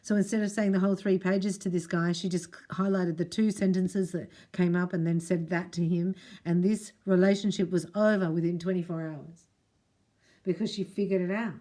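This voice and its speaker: Woman, middle-aged, spiritual reader, casual to camera, chatty, speaks to the viewer directly, lowish pitch. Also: fairly even intonation, normal speed, warm tone. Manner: chatty, addresses the viewer directly, reads prayers aloud. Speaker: spiritual reader and Reiki teacher.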